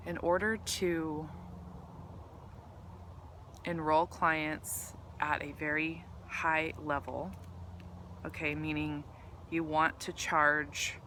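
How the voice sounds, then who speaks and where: A woman's voice: sits low, little pitch movement, very slow, long pauses, bright, forceful tone, slight background noise. A woman business coach talking earnestly to her camera, rambling a bit with lots of ums and restarts. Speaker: business coach for women entrepreneurs. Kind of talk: casual talk to camera. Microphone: camera mic.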